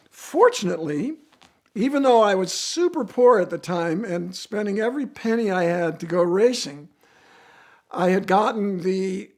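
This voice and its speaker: A man, a racer, telling a casual car story in an animated, storytelling way. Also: creaky. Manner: animated storytelling with swings in pitch and volume. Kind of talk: casual anecdote.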